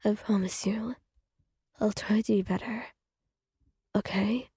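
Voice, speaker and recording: A woman's voice: medium pitch, steady tone, slow, slightly rough, dry recording, clean studio sound. A woman whispering as a remorseful young man. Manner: soft, apologetic, hushed. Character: avoidant young man, remorseful after yelling. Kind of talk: whispered role-play.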